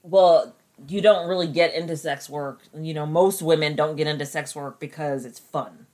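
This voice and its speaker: Woman podcast co-host, very low voice, wry comments between laughs. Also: fairly even intonation, normal speed, darkish tone. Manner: wry quips and frequent laughter. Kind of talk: casual true crime chat.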